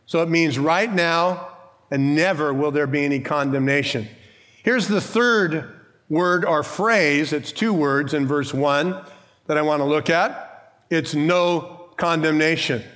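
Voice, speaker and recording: A man's voice: fairly high pitch, takes it slowly, a bit bright. A man who is a pastor, preaching a sermon in a church with an emphatic, conversational style, rhetorical questions and bits of humor.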